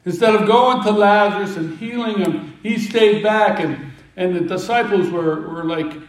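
A man preaching a sermon, retelling scripture as a lively story and acting out the disciples' lines with humor. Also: high voice, unhurried, roomy sound, far from the mic, low-quality recording. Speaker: pastor.

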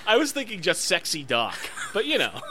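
Man, podcast co-host, playful, teasing, high voice, animated pitch. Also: a little fast, background noise. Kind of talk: casual chat.

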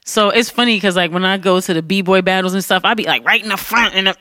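A woman's voice: medium pitch, quick pace, no echo, studio quality. A woman host chatting casually, telling a story with lots of enthusiasm. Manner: enthusiastic, animated storyteller who acts out quotes.

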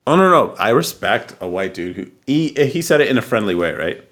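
A man's voice: lowish voice, big pitch swings, fairly quick, a crowd in the background. A man in a casual podcast chat, blunt and provocative, throwing in jokes.

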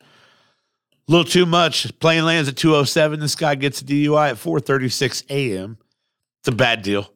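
A man hosting a sports podcast, talking casually in a rambling, excitable way with some swearing, recorded at a microphone. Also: fairly high pitch, fairly quick, no room sound, clean studio sound. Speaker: podcast host. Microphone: studio microphone.

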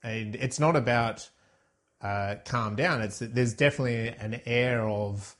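He's a podcast co-host going over a film in casual chat, retelling scenes in a rambling fashion and fixing his own wording along the way. The voice is mid-range and fairly bright, delivered at a measured pace.

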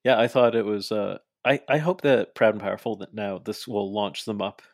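A young man talks through a wrestling card with a chatty, animated energy. His voice sits low, and the room sounds dry and close. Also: normal speed, dry recording. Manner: chatty, animated, acts out quoted lines. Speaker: podcast co-host. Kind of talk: casual wrestling recap chat.

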